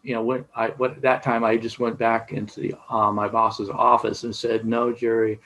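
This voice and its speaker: Rambling middle-aged auto instructor. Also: male voice, mid-range voice, little pitch movement, moderate pace, sharp tone, a little hiss or hum, low-quality recording. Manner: rambling, many fillers and restarts. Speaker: automotive instructor. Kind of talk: casual teaching talk.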